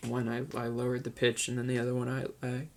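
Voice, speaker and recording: A man's voice: medium pitch, monotone, quick pace, creaky. A man hosting a casual director's commentary. He talks in a chatty way, laughs often and keeps restarting his sentences. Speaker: video director and host.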